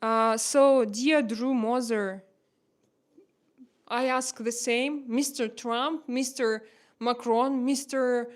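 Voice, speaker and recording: A woman in her thirties from Russia, speaking English with a Russian accent as a livestream host, emotional and pleading, halting often to find words. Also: a little high, steady tone. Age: 30s. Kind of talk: casual livestream chat.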